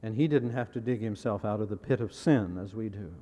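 A man preaching a sermon in a measured way, repeating key phrases and putting rhetorical questions to his listeners. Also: on the low side, warm tone, in a large hall. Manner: asks the audience rhetorical questions.

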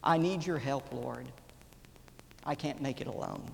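A man voicing a grieving young widowed father who speaks quietly, with pleading and trembling. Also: medium pitch, measured pace, vocal fry. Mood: anguished pleading. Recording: reverberant hall, faint background noise.

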